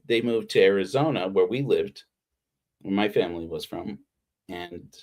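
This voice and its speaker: A man's voice: on the low side, darkish tone. A man preaching a casual, heartfelt sermon on a livestream, rambling with frequent restarts. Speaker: pastor. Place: Utah.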